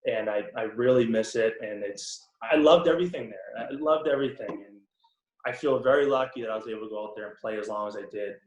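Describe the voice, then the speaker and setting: Young man, boston accent, relaxed rambling, ums, echoey room. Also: lowish voice, quick pace. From Boston area. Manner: relaxed, many ums and restarts, laughs easily. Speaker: podcast guest, pro hockey player. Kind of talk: casual interview chat. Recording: roomy echo.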